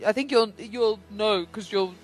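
A woman co-hosting a casual movie talk show, playful and teasing. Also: medium pitch. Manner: playful, quick to laugh and tease. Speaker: podcast co-host. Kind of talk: casual chat.

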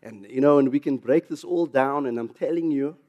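South african guy preaching, gets loud and animated, chuckles between points. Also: mid-range voice, a little fast, highs cut off. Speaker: pastor. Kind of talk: sermon.

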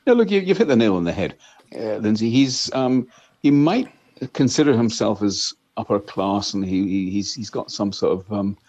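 A man with a low, husky voice talks in blunt, emphatic bursts and often repeats himself. His voice is recorded dry, with a dull lo-fi sound. He speaks as a guest commentator in a casual interview. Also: lively intonation, normal speed, a little mellow, no room sound. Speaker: investment analyst and market commentator, guest.

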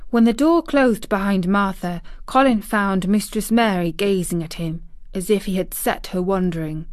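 A woman reading a classic novel aloud as scripted narration, in a measured, even way. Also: mid-range voice, no echo, studio quality. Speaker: audiobook reader.

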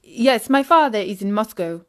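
A woman's voice: medium pitch, lively intonation, moderate pace, fairly bright tone, clean tone, lightly acted. A woman voicing a bold schoolgirl posing as a Russian heiress, in a fake Russian accent. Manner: bold, theatrical.

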